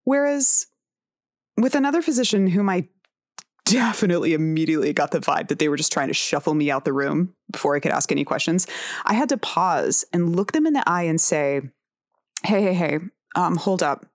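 Low-voiced woman in her forties, podcast host, blunt and candid, dry close recording. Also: lively intonation, a little fast, no room sound. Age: 40s. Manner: frank, candid and swearing, with laughs. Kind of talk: personal tarot podcast monologue.

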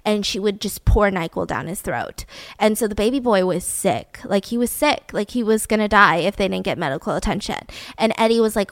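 A woman's voice: medium pitch, expressive, normal speed, fairly bright tone, no echo, studio quality. A young adult woman telling a true-crime story in a casual, blunt way, swearing and using lots of "like". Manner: chatty, blunt, swears, fills with "like". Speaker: podcast host.

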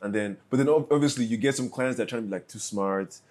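Mellow-voiced male podcast host. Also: fairly low pitch, fast talker. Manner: relaxed, slangy, easygoing. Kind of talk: casual interview chat.

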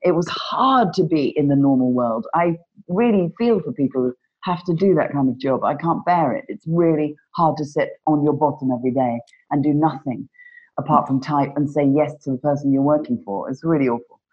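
Low-voiced woman, earnest storyteller. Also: fairly quick, husky, highs cut off. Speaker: panel guest, performer. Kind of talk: casual conversation. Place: home during lockdown.

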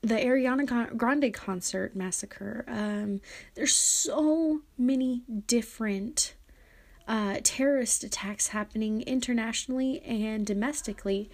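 A woman's voice: a little high, unhurried, a little mellow. A young woman hosting a solo podcast, chatting casually and reading articles aloud, rambling with many fillers and self-corrections. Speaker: podcast host.

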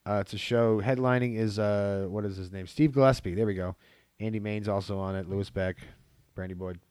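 A man's voice: fairly low pitch, fairly even intonation, fairly quick, a little mellow, clean tone, no echo. A comedian in casual chat, laid-back and loose as he plugs an upcoming show.

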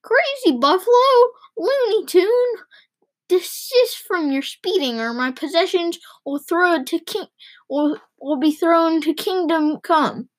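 A woman's voice: very high voice, animated, takes it slowly, voice pushed up, full character voice. A woman voicing a furious, indignant woman passenger who shrieks at the driver.

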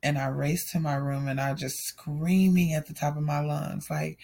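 A young man tells an emotional story about his own life in a loose, run-on way. He stays candid and open throughout. His voice sits a little higher than most men's. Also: level tone, moderate pace, vocal fry, hardly any pauses, darkish tone. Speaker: storyteller sharing a personal testimony. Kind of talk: casual personal storytelling.

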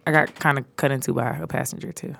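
A young woman co-hosting a casual podcast, telling work stories in an animated way, full of fillers. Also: extremely low pitch, fast, vocal fry, dry recording. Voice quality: animated storyteller, lots of fillers. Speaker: podcast co-host.

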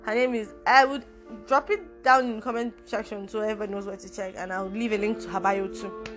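A young adult woman hosting her own podcast, talking casually and informally, with playful asides. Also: a little high. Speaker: podcast host. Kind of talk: casual solo podcast talk.

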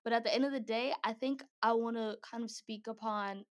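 A woman's voice: fairly high pitch, steady tone, fairly quick, clear, resonant tone. Young woman, casual devotional speaker, chatty and joking. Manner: chatty, slangy, laughs often, acts out quotes. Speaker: speaker at a Christian gathering.

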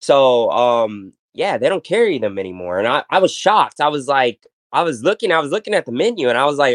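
A man's voice: mid-range voice, sing-song, fairly quick, few pauses, dry recording. A man hosting a casual podcast, telling rambling stories full of fillers and restarts. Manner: rambling storytelling with many fillers. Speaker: podcast host. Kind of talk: casual chat.

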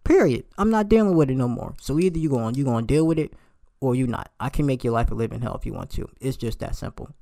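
Man, late twenties, heated storytime rant, profane, emphatic, outraged pitch jumps. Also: lively intonation, quick pace, gravelly, mellow. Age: late 20s.

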